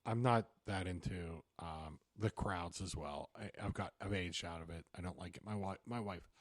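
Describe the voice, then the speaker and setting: Man, low voice, dry close sound, easygoing podcast chat, stammery restarts. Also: normal speed, dry recording. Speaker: podcast co-host. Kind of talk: casual chat.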